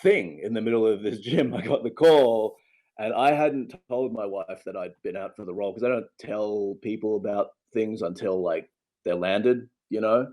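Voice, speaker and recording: A man in his thirties from Australia, an actor chatting casually in an interview from home, animated, laughing often and restarting sentences. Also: lowish voice, moderate pace. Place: home with a loft.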